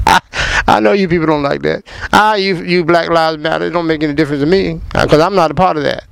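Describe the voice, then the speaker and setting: A man's voice: a little high, brisk, vocal fry, pauses often, clean tone, no room sound, rough recording. A man giving impassioned commentary in an emphatic, preachy way, firing rhetorical questions at the listener and repeating words as he gets going. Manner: repeats words when fired up.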